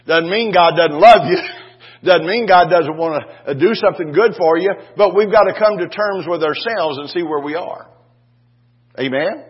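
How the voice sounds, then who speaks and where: A husky-voiced older male pastor preaches in a homespun, storytelling way and keeps checking in with his congregation. The recording is dull and lo-fi. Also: high-pitched, moderate pace. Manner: folksy, restarts with "and, uh", asks "Amen?" of the congregation. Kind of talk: sermon.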